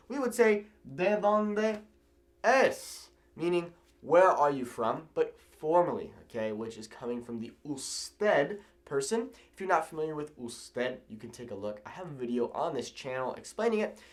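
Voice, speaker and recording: Animated male language teacher. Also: medium pitch. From California. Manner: animated, repeats phrases slowly for learners. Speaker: Spanish teacher. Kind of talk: video language lesson.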